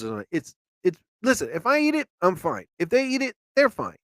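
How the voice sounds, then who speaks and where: A man's voice: high voice, a little fast, few pauses, no echo. A man hosting a live show, rambling through everyday stories and acting out the quotes. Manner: animated storyteller, acts out quotes. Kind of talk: rambling solo chat.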